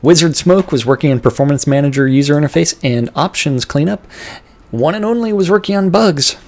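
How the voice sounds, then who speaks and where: A man's voice: a little high, expressive, darkish tone. A man hosting a livestream, reading a list of team updates with casual asides. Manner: brisk list-reading, breaking into laughing banter. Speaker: host.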